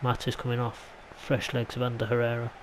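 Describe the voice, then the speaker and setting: A man's voice: mid-range voice, completely flat delivery, a little fast, noisy background. A man from England chatting casually as he commentates his own football video game play, rambling into side remarks. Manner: chatty, rambling, mild asides. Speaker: gaming YouTuber.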